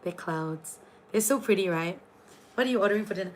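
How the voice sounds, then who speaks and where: Brisk and medium in pitch, a young Singaporean woman with a Singaporean accent hosts a laid-back tarot livestream from her room. She chatters and gushes, often using fillers and starting over.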